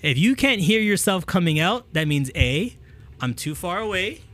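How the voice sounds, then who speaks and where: A man's voice: high-pitched, moderate pace, slight background noise. Upbeat man coaching into a handheld mic. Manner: energetic, repeats "okay?" to check in; demonstrates with the mic, moving it near and away. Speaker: host giving speaking tips. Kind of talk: casual coaching talk to camera. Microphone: handheld microphone.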